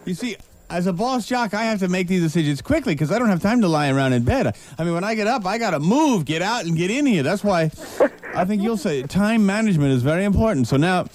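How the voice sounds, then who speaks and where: A man's voice: sits high, expressive, quick pace, a little mellow. A man hosting a morning radio show, teasing and wheedling his guest in playful banter. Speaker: radio host.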